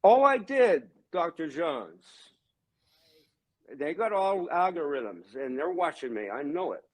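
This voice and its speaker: A man's voice: very animated, slow pace. A man in his seventies, a religious brother and guest, talking in an emphatic, ranting way. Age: 70s. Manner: emphatic, ranting, swinging pitch and loudness. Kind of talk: heated conversational monologue.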